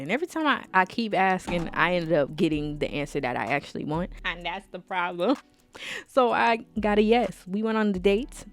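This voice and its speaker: A woman vlogger telling a casual story time with animated, sassy emphasis. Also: mid-range voice.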